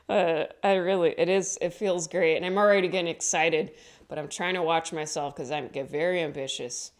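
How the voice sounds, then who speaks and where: A woman's voice: fairly low pitch, fairly even intonation, normal speed. A woman comedian talking casually to the camera, chatty and rambling, often correcting herself and laughing along the way. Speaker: stand-up comedian. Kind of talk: casual vlog monologue.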